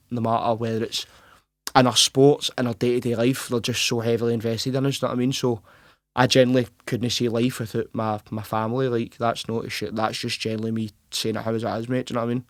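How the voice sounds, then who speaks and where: A young Glaswegian man in his twenties talks in a quick, tumbling rush. He stays on a narrow, even pitch, restarts his sentences and keeps saying "mate". The recording is close and dry. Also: no room sound. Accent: Glaswegian Scottish. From Scotland. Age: 20s. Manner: rapid and earnest, full of restarts and "mate". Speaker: professional boxer, guest. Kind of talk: casual interview chat.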